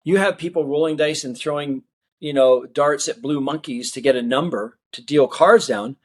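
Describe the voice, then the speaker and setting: Middle-aged Australian-raised magician telling stories. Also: male voice, on the high side, moderate pace. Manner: animated storyteller who acts out quoted dialogue. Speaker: magician guest. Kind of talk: casual interview storytelling.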